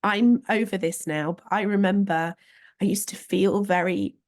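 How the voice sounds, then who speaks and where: A woman's voice: mid-range voice, normal speed. A British woman hosting a podcast, talking candidly and with a self-deprecating, chatty manner. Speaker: podcast host. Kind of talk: conversational podcast chat.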